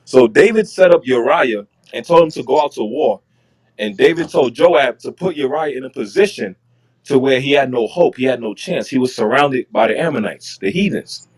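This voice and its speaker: A man's voice: medium pitch, lively intonation, normal speed, slightly rough. A man leading a Bible study, reading verses aloud and then explaining them in casual, slangy talk. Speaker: Bible teacher. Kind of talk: casual scripture teaching.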